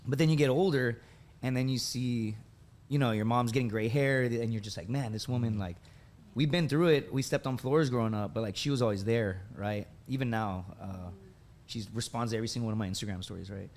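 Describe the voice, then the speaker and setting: A man in his thirties, a podcast guest, telling animated personal stories in a casual way, often tagging on "dude" and "right?". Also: medium pitch, fairly quick. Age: 30s. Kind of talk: casual storytelling.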